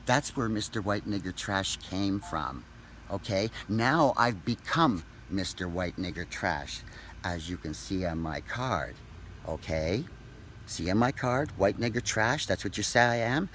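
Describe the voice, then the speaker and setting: A man ranting angrily to camera, profane and accusatory, shouting at times. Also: low-pitched, lively intonation, a little slow, a little hiss or hum. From Canada. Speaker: vlogger. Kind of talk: angry direct-to-camera rant.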